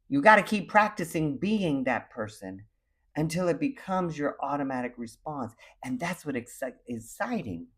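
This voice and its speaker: A man delivers a motivational message in a lively, emphatic voice. His pitch sits in the middle range and swings widely when he acts out quoted voices. He leans on repetition to drive home his points. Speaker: motivational speaker.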